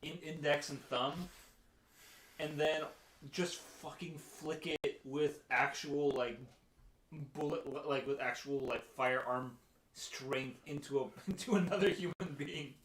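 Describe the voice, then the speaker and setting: A man's voice: on the high side, unhurried, a bit bright. A young man from the Chicago area giving casual commentary on his own animation, rambling, laughing often and swearing freely. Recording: echoey room.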